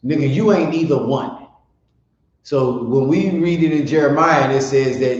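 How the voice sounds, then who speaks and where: A man's voice: medium pitch, moderate pace. A man leading a class in a blunt, profane, rambling way. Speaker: teacher. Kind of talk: casual spoken class. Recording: echoey room, dull lo-fi sound.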